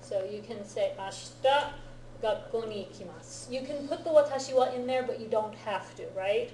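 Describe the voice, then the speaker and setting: A woman's voice: fairly high pitch, normal speed, darkish tone, slight background noise. Patient woman teacher in a roomy classroom. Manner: patient, often checks understanding. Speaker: Japanese teacher. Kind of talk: classroom grammar lesson.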